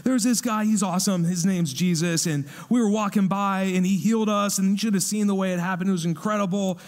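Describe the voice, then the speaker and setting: An excited healed man gushes with wonder, as a man preaching puts him on. His voice jumps up high and runs fast and breathless. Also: in a large hall, close to an everyday voice.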